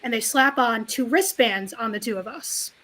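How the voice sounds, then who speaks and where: A woman chatting casually on a livestreamed talk show, telling a long story in an animated, frank, rambling way. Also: on the high side, moderate pace, a little hiss or hum. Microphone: livestream call mic.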